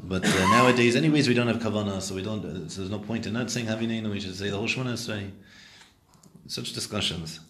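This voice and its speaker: A man with a fairly low voice leads a Talmud class, reading Hebrew and Aramaic phrases and explaining each one in plain conversational terms. His voice carries a roomy echo, and he stops now and then to question his students. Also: fast, a bit bright. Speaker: Talmud teacher.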